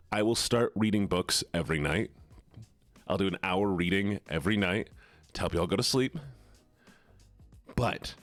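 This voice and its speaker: A man's voice: on the low side, dry recording. A man chatting casually and playfully with his viewers on a live stream, rambling from one thought to the next.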